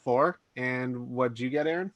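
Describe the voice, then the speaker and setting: A man narrating a tabletop game as game master in a casual, halting way with many fillers. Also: medium pitch, no echo, muffled recording. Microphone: home microphone on a stream.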